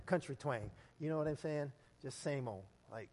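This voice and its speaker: A man preaching a sermon as pastor, telling stories and building to loud, emphatic peaks. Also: a little high, normal speed. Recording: long hall reverb.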